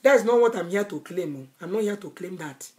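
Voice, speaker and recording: A woman's voice: fairly low pitch, animated, a little fast, dark tone. Fervent woman evangelist preaching. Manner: fervent preaching, repeating phrases for emphasis. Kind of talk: sermon. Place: Europe.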